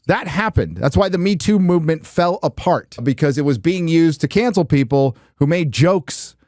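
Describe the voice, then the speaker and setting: A man's voice: a little high, expressive, moderate pace, a little mellow, dry recording, clean studio sound. A man hosting a livestream reaction show, chatting casually with a sarcastic, joking edge. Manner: joking, sarcastic, laughs often.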